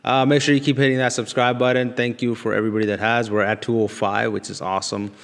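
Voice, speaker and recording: A young man from Canada co-hosts a podcast in easy, animated banter. He laughs often and keeps things loose. His voice sits mid-range in a room with long reverb. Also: mid-range voice, quick pace, gravelly. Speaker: podcast co-host. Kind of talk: casual chat.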